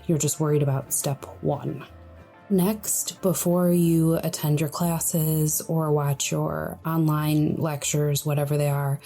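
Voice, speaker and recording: A young woman hosting a solo podcast, speaking in a quiet, breathy, hushed voice as she gives advice. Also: deep voice. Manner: hushed, soft-spoken, friendly. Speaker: podcast host.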